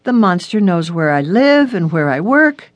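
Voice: mid-range voice, big pitch swings, unhurried. A narrator voicing a frightened young woman, a college student, in an audiobook story, reading her lines anxiously.

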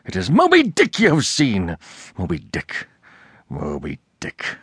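Casting: man playing a raging old whaling captain, wild swinging pitch, slow heavy delivery. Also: wildly swooping pitch, slightly rough, dry recording, studio quality, full character voice. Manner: ranting, shouting, wildly swinging. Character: fierce obsessed old male sea captain.

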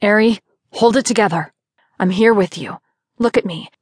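A woman voicing a devoted young male best friend who speaks gently and reassuringly. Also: high voice, normal speed, no room sound, clean studio sound. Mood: soothing.

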